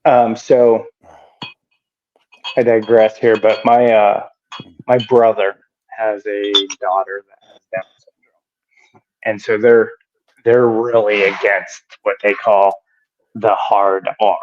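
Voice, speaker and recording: A man's voice: fairly low pitch, flat delivery, slow pace, pauses often, lo-fi sound, slight background noise. A middle-aged man, a retired army sergeant major, telling stories bluntly and swearing freely as a podcast guest. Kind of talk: casual chat.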